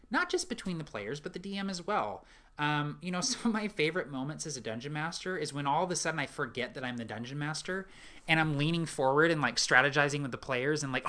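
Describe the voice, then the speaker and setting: A man's voice: medium pitch, pushed and bright. A man hosting a tabletop game advice talk, chatty and encouraging, with frequent ums. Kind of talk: casual advice talk to camera.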